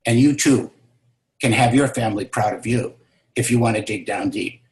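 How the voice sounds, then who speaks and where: A man voicing a shy, poor young woman who recounts her hardship in an earnest, soft-spoken way. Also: medium pitch, moderate pace, close to an everyday voice. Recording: roomy echo.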